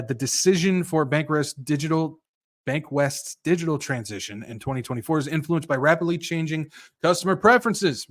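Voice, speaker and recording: A man's voice: mid-range voice, a bit bright. A man hosting a podcast, reading news aloud in casual commentary with offhand asides and self-corrections. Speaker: podcast host.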